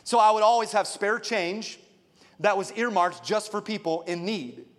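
A male pastor preaching a lively sermon, calling on the congregation for responses. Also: sits high, normal speed. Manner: animated preaching with call-and-response. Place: church sanctuary. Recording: long church hall reverb.

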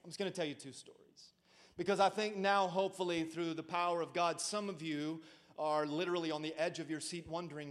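High-voiced pastor shouting an Easter sermon. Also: male voice, fairly even intonation, a little fast. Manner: dramatic preaching, swinging from shouts to hushed lines; calls out to the congregation for response. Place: church service before a congregation.

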